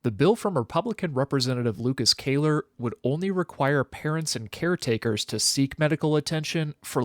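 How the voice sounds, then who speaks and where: Man, news reporter, steady delivery, scripted report, dry close mic. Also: medium pitch, no echo.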